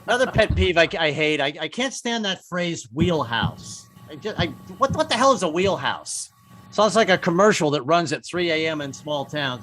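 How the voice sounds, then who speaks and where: A man's voice: fairly high pitch, very animated, moderate pace, fairly bright tone, soft background music, low-quality recording. An older man doing stand-up comedy, wry and self-mocking, with stammering restarts.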